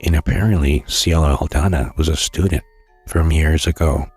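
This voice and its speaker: A man narrating a scary story in a slow, hushed storytelling manner, with occasional stumbles. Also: a bass voice, fairly even intonation, husky, no room sound, faint music behind.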